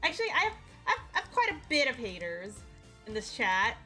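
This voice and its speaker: High, bright-voiced playful woman streamer. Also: huge pitch swings, brisk, faint music behind. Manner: playful, teasing, giggly. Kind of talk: casual chat with viewers.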